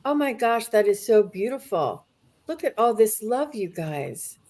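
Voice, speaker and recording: A woman hosting a spiritual livestream, soft-spoken and gushing as she thanks her viewers. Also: mid-range voice, very animated, unhurried. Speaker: livestream host. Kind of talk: live stream chat.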